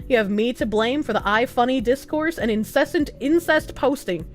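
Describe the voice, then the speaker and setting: A young woman streaming, chatting casually and reading out viewer messages, animated and profane, with bursts of giggling. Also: moderate pace, faint music behind. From United States. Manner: animated, giggly, profane, with squealing high laughs.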